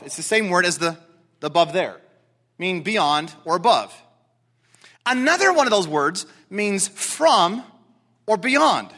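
A man preaching an expository sermon in a church, his voice sitting very high for a man and ranging widely in pitch. His tone is bright and forceful as he swings between loud declarations and hushed asides. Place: church sanctuary with a seated congregation.

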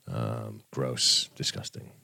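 A man with a very deep voice co-hosts a podcast, casually going over a TV episode while laughing often and swearing freely. He speaks slowly with fairly even intonation and vocal fry, his voice sounding pushed and bright. There's no room sound in the recording.

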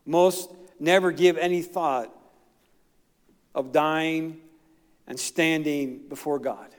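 Middle-aged male pastor, folksy sermon, slightly high voice, long church reverb. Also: fairly even intonation, takes it slowly, clear, resonant tone. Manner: folksy, plain-spoken preaching with asides and chuckles.

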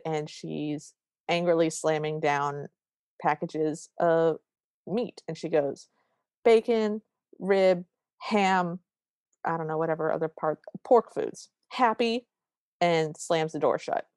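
A woman co-hosting a podcast, recapping a movie in wry, quick, casual chat. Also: low-pitched, flat delivery, darkish tone, clear, resonant tone, no echo, studio quality. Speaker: podcast co-host.

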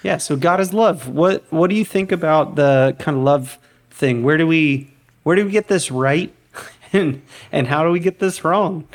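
A man's voice: on the high side, normal speed. Guy cohosting a faith podcast, mid voice, eager, asks questions. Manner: enthusiastic, laughs easily, asks questions. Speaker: podcast co-host. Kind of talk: casual faith discussion.

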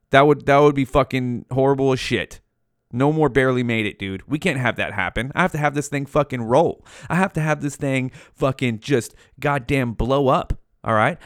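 A man's voice: medium pitch, dry recording, clean studio sound. A young man hosting a solo podcast from home, rambling casually with heavy swearing and slang. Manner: profane, slangy, rambling with many fillers. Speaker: podcast host. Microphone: headphones and podcast mic.

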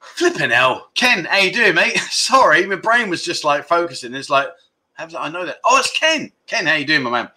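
Chatty man with a bright voice. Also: on the high side, big pitch swings. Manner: rambling, jokey, reads viewer comments aloud with quick asides. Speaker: livestream host. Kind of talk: casual livestream chat.

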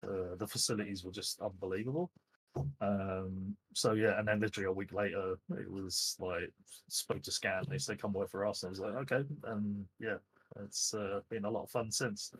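A man's voice: on the low side, level tone, moderate pace, breathy edge, poor audio. A middle-aged man from the UK, a guest telling rambling, self-deprecating stories with lots of fillers in a casual interview chat. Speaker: esports director, guest.

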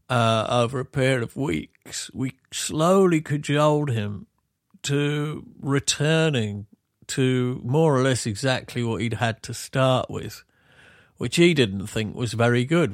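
Gravelly middle-aged Yorkshire man. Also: medium pitch, a little slow, dry recording, clean studio sound. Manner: rambling, self-interrupting, explains gently. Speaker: podcast co-host, musician. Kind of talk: casual reminiscing chat.

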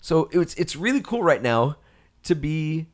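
A man co-hosting a movie podcast in casual chat, animated and laughing, swearing freely. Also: fairly high pitch, measured pace. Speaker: podcast co-host.

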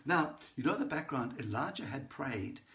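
Male preacher, mid-pitched, keen storyteller who restarts often and checks in with "right?". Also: expressive, normal speed, a bit bright. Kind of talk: sermon.

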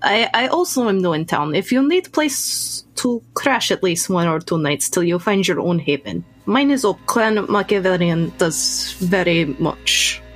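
A woman's voice: fairly low pitch, lively intonation, unhurried, few pauses, faint music behind. A woman voicing a proud, formal Russian vampire woman, in clipped broken English with a Russian accent.

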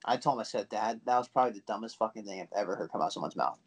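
A man's voice: on the low side, racing, breathy edge, low-quality recording. Laid-back man bantering, swearing. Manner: loose, laughing banter with casual swearing. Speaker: podcast co-host. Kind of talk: casual chat.

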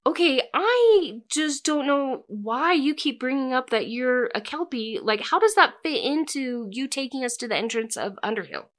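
Unsure young heroine, voiced by a woman, pitched up, hesitant questions. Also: expressive, moderate pace, few pauses, pushed and bright.

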